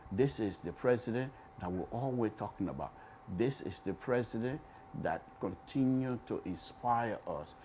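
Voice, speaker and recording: A man's voice: on the low side, a little mellow, husky. A middle-aged man with a Liberian accent hosting a radio talk show, who repeats his phrases for emphasis and keeps calling his listeners folks.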